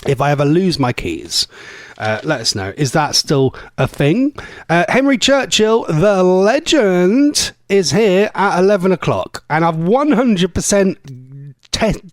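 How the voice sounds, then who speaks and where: This man from England hosts a live local radio show, speaking animatedly but a little slowly in a high-pitched voice. He chats casually and rambles with self-mocking asides, picked up by a studio mic in a radio studio with no echo.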